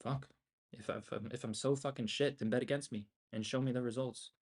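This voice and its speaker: A man's voice: mid-range voice, steady tone, a little fast, a little mellow. Profane ranting man streaming trades. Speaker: livestream options trader. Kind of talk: profane ranting commentary on a trading livestream.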